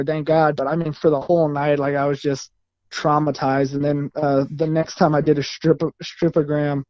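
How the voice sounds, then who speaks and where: A man's voice: a little high, little pitch movement, normal speed, dry recording, dull audio. A man, a male dancer, telling a story in a casual, rambling way and correcting himself as he goes. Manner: rambling, self-correcting, laughs while telling.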